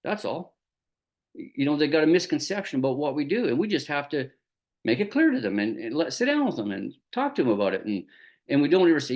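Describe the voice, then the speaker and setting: A man's voice: on the high side, sing-song, fairly quick, darkish tone. A man giving a casual motivational talk about his small business, folksy and conversational, acting out the dialogue of his stories. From Canada. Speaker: network marketing business trainer.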